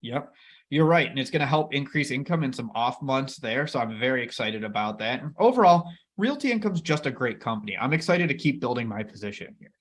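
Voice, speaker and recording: With big swings in pitch and a fairly quick delivery, a mid-range male co-host keeps his casual investing chat lively. He addresses viewers directly as "everybody," full of enthusiasm.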